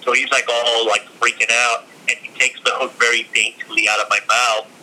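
A man in a casual interview, telling stories in a lively, chatty way with lots of fillers. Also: mid-range voice, a little fast, rough recording. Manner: animated, acts out other people's lines. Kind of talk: casual storytelling.

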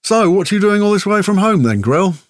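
A man's voice: high-pitched, big pitch swings, a little fast, no echo, voice pushed up. A man doing a chatty, homely islander fellow, friendly and talkative, his voice lifted noticeably above the reader's own. The read is dry and close, with no room sound at all. It suits an audiobook scene of easy back-and-forth. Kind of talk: audiobook character voice.

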